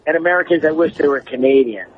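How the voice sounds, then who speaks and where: A man's voice: fairly high pitch, fast. A man calling in to a radio show, jokey and upbeat. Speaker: caller. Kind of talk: casual phone-in chat. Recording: tinny phone line with faint hiss.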